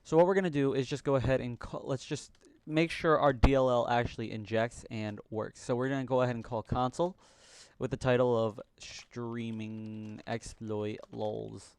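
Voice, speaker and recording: A man's voice: medium pitch, steady tone, normal speed, darkish tone, smooth, no room sound. Young man muttering through a live coding stream. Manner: chatty, mutters to himself, jokey broken-English asides. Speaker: livestream host coding.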